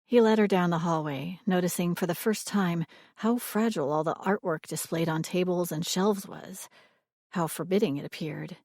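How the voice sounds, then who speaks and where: A woman reading a romance audiobook in a measured, expressive way. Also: fairly low pitch, no echo, clean studio sound. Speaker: audiobook narrator. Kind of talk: scripted romance narration.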